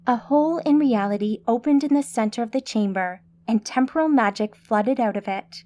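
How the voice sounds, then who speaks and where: A woman narrating an urban fantasy audiobook in a steady, measured way. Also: fairly high pitch.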